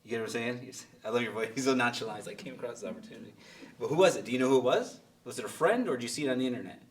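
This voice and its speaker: Fast-talking blunt male meetup host. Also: medium pitch, expressive, recorded from a distance. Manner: fast, blunt, repeats himself, jokes with the group. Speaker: meetup host coaching new investors. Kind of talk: live coaching Q&A in a meeting room.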